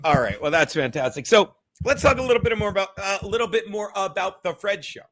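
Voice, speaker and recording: A man's voice: high voice, animated, fast talker, few pauses, fairly bright tone. A man hosting a casual solo livestream from his home, rambling loosely with plenty of swearing and talking straight to his viewers. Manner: loose, profane, rambling, talks to chat. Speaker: livestream host. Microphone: streaming setup.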